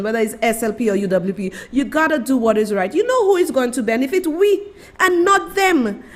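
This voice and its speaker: High-voiced, impassioned Saint Lucian woman. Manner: impassioned, exclaiming, laughing in disbelief. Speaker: host. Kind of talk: live-stream political commentary.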